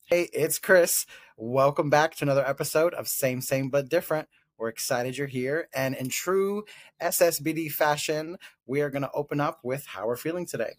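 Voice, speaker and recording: A man's voice: on the high side, normal speed. A man co-hosting a podcast in casual chat, reflective and given to playful teasing. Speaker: podcast co-host.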